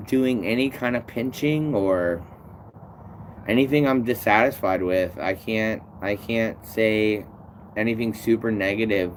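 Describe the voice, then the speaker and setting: Male streamer, casual and profane, stumbles through restarts; low-pitched, faint vehicle hum in background. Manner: rambling, swears a lot, restarts sentences. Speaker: tree climber streaming to viewers. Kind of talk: casual live-stream chat reading comments.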